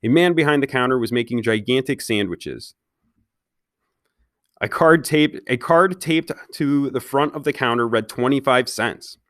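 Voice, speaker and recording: A man's voice: mid-range voice, a bit bright, no room sound, clean studio sound. A man reading a children's novel aloud, stopping now and then to ask his listeners questions. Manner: pauses to question listeners directly. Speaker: read-aloud storyteller.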